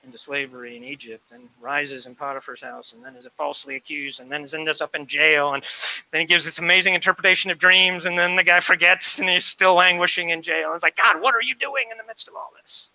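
A man preaching a sermon, lively and emphatic, acting out the voices of people he quotes and rising to loud emphasis when reading scripture. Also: fairly high pitch, brisk, vocal fry, low-quality recording. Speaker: pastor.

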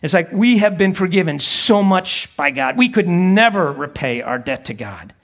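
A man's voice: high voice, sing-song, moderate pace, a bit bright. A middle-aged male pastor preaching a sermon in a conversational way, acting out the voices of people he quotes.

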